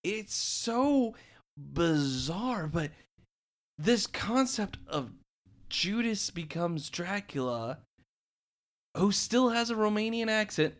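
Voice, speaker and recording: A man co-hosting a casual chat, halting and restarting often as he talks. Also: high voice, sing-song. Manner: halting, with lots of stammered restarts.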